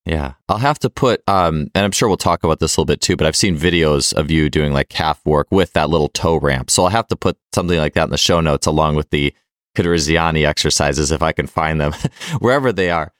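A man hosting a podcast interview, talking in a relaxed, chatty way. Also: a bass voice, quick pace, no echo, clean studio sound. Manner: relaxed, chatty, laughs easily. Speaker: podcast host.

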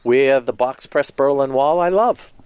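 A man's voice: medium pitch, measured pace, clear, resonant tone, no echo. A man co-hosting a casual chat, telling a funny story with lots of energy, getting over a cold. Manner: animated storyteller, acts out voices in quotes. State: recovering from a cold. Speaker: co-host of a cigar podcast.

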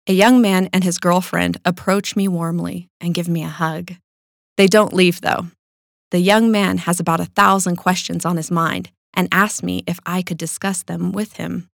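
A woman reading her own personal essay aloud in a calm, measured, sincere way. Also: on the low side, gravelly, dry recording, clean studio sound.

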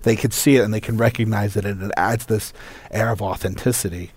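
A man in casual chat, explaining details in a measured way, his phrases often fading off quietly at the end. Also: on the low side, steady tone, slightly rough.

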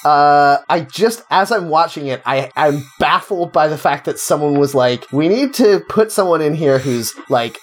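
Casting note: lower-pitched woman, sarcastic co-host who swears freely in casual banter. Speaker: podcast co-host. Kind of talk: casual chat.

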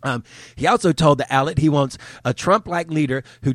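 A man's voice: a little high, a little fast, dry recording. Swearing, heated male commentator, dry sound. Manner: heated and profane, swearing often. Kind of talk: profane ranting news commentary.

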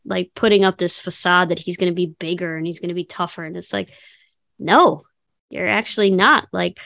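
A woman co-hosting a casual film podcast, talking in an animated way and acting out quotes in voices. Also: medium pitch, dry recording, studio quality. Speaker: podcast co-host. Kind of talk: casual chat about films.

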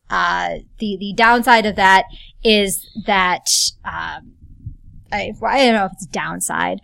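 A woman's voice: mid-range voice, gravelly, fairly bright tone. Chatty woman introducing her role-play character. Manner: chatty and laughing, with hesitant restarts. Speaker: tabletop role-play player.

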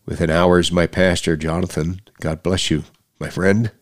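A middle-aged man with a deep, low voice talks straight into a close microphone for his own podcast. His delivery is earnest and halting, often stopping to restart a phrase. The sound is dry, with no room around it. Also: level tone, dry recording. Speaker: podcast host. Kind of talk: personal podcast monologue.

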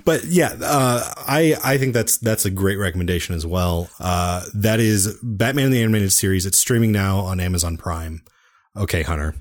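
A man co-hosting a podcast in casual chat, excitable and often giggling. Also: lowish voice, normal speed, few pauses. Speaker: podcast co-host.

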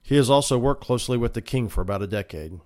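A male podcast host works through the day's headlines, reading passages straight and then undercutting them with dry sarcasm. His voice sits at an ordinary middle pitch for a man. He sounds like a regular commentator talking to his listeners. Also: quick pace, a little mellow. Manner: sarcastic, mock-emotional asides. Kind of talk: political commentary, reading news aloud. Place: Florida.

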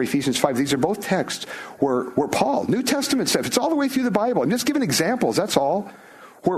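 A man's voice: medium pitch, breathy edge. A man, a pastor, giving a conversational sermon full of rhetorical questions and storytelling.

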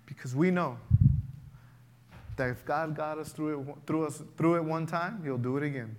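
A man's voice: fairly high pitch, normal speed. A man preaching a sermon to his church, building emphasis in waves and acting out prayers and everyday objections. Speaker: pastor.

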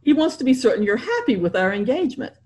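A woman reading aloud and voicing a breezy, unflappable upper-class gentleman. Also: a little high, sing-song, fast, pitched above the performer's own voice. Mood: wry. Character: unflappable posh English gentleman, man.

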